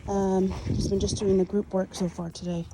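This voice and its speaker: A woman dog trainer explaining a training session outdoors, switching between calm explanation and high, cheerful commands to the dogs. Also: normal speed, noisy background. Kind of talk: casual training demonstration.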